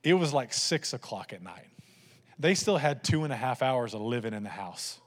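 A man's voice: medium pitch, normal speed. Man preaching in a reverberant hall. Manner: animated, humorous storytelling to a congregation. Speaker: pastor. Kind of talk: sermon with personal stories.

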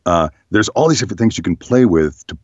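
Casual guest: hoarse, very deep-voiced man, reflective, on a muffled lo-fi track. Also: fast, no echo. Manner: relaxed, thoughtful, many fillers. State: slightly hoarse. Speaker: voice actor guest. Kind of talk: casual interview chat.

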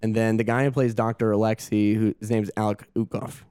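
A man's voice: lowish voice, a little fast, clear, resonant tone, dry recording, studio quality. A young adult man, a guest actor, telling a story casually and acting out the quotes with laughs. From Augusta. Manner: animated, laughing, acts out quotes.

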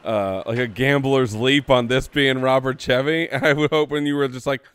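A man's voice: mid-range voice, fairly even intonation, normal speed, fairly bright tone, smooth. A man playing a tabletop game, joking and wry. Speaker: player.

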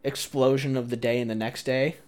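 A man's voice: mid-range voice, flat delivery, a little fast, darkish tone, clean tone. A young man in casual chat, telling stories in a wry, joking way with crude humor. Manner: wry, storytelling, crude jokes.

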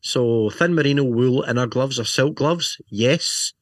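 A man's voice: medium pitch, unhurried, no echo. Guy rambling and joking on a podcast, dry close mic. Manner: jokey, rambling, lots of "you know" and "right?". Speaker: podcast co-host. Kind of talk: casual chat about motorcycle gear.

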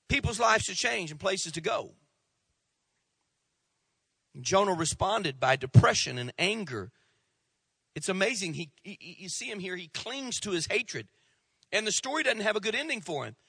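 A man preaching a sermon as pastor, swinging between loud rising outbursts and hushed drops. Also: very high voice, breathy edge, no echo.

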